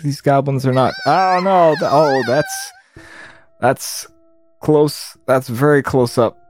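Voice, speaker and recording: A man's voice: medium pitch, wildly swooping pitch, takes it slowly, over music. A man commentating while he plays a game, incredulous, swearing often and laughing at what is on screen. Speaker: gamer.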